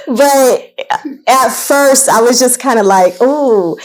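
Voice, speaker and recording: Slow-talking emotional woman podcaster. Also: high-pitched. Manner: emotional, chokes up while speaking. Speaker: podcast co-host. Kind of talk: casual podcast chat.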